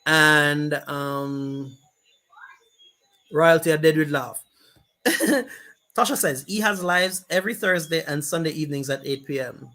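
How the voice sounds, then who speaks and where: A man's voice: a little high, fairly even intonation, unhurried, pushed and bright. A man with a Jamaican accent hosting a casual live stream, reading viewer comments aloud and greeting people by name.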